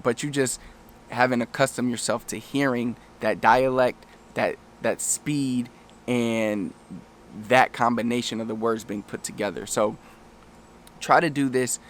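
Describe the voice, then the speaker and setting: A man's voice: mid-range voice, fairly even intonation, a little slow, a little hiss or hum. A man talking casually to camera as a language coach, loose and rambling, often restarting his sentences and acting out little quoted exchanges. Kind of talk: casual talking-head lesson.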